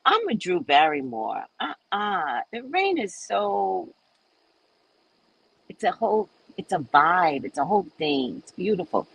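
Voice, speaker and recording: A woman from California hosts a loose, chatty show and slips easily into animated storytelling. Her voice is slightly husky, and her pitch rises and falls freely as she talks. The recording is close and dry, with no room around it. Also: measured pace, dry recording, low-quality recording. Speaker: host. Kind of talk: casual chat.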